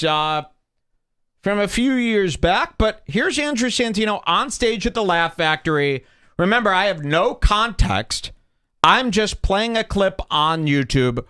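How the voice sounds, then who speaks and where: A man's voice: high-pitched, sharp tone, clear, resonant tone. A man hosting a podcast, commenting on clips in a sarcastic, indignant manner. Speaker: podcast host. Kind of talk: commentary over played clips.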